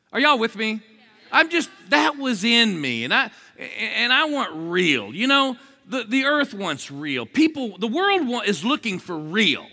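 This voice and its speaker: A man with vocal fry preaches an energetic sermon, joking with the crowd and asking them for responses, his delivery swinging between low asides and shouted exclamations.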